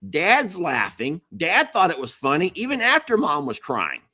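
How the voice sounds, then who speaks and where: A man's voice: a little high, huge pitch swings, moderate pace, sharp tone. A man casually telling a family story to his live viewers, acting out quotes and apologizing with a laugh.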